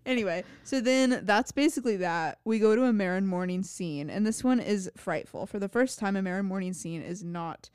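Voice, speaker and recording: A woman co-hosting a podcast, chatting casually about a TV show in a relaxed, giggly way. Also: mid-range voice, a little fast, few pauses, smooth, no room sound, clean studio sound. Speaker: podcast co-host. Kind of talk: casual chat recapping a TV show.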